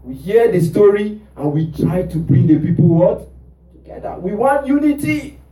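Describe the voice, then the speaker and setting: Male pastor, high mellow voice, call-and-response sermon, roomy church sound from off mic. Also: animated, normal speed, recorded from a distance. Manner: call-and-response preaching, rhetorical "what?" prompts.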